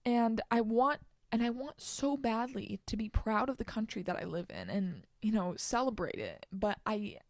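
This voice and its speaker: A young woman hosting her own solo podcast, ranting heatedly with frequent swearing and quick bursts of anger. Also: on the high side, sing-song, creaky, dry recording, studio quality. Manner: heated, swearing, rapid outbursts. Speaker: podcast host.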